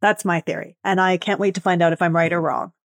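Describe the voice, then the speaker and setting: A woman co-hosting a comedy podcast, playful and quick to laugh along. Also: lowish voice, steady tone, no room sound, studio quality. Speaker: podcast co-host. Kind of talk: casual chat.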